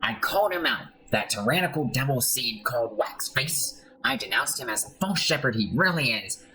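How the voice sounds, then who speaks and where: A man's voice: mid-range voice, animated, moderate pace, bright, forceful tone, slight background noise, poor audio. Man reading a frightened outcast, pleading and frantic, game voice. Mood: bitter. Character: desperate hunted man, pleading.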